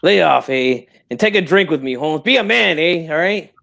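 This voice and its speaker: A man's voice: fairly high pitch, animated, moderate pace, gravelly, fairly bright tone. A man playing a proud, touchy old-school boxing father who tags his lines with slang like "eh" and "Holmes". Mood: boastful. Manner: streetwise slang, tags every line with "eh" and "Holmes". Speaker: guest in character.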